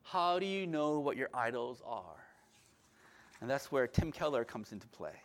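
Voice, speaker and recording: A man preaching a sermon with passion, at times loud, at times calm. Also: medium pitch, normal speed. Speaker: pastor.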